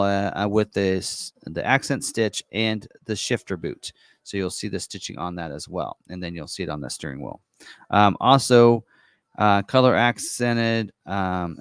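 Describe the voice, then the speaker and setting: A man giving a casual, unscripted walkthrough of an online configurator, chatty and full of ums and quick self-corrections. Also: lowish voice, no room sound, clean studio sound. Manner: casual and chatty, many ums and uhs, corrects himself on the fly. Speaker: car presenter walking through an online configurator.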